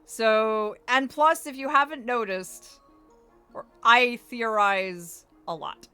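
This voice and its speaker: A woman's voice: a little high, slow pace, pushed and bright, smooth, faint music behind. A woman streaming a game, chatting casually and theorizing in a playfully dramatic way.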